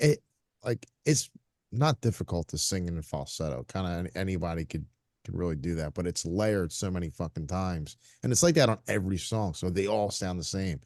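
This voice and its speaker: A man on a review panel giving a blunt, halting critique, swearing casually. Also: low-pitched, a little mellow, no echo, studio quality. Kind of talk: casual album review chat.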